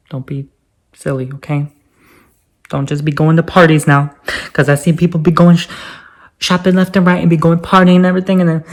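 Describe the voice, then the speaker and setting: A man with a light, soft voice that people mistake for a girl's talks straight to his viewers in a loose vlog. He rambles and circles back, trailing off into fillers, with a playful, offhand manner. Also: a little high. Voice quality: light voice others call girlish. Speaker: vlogger. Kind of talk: casual chatty vlog.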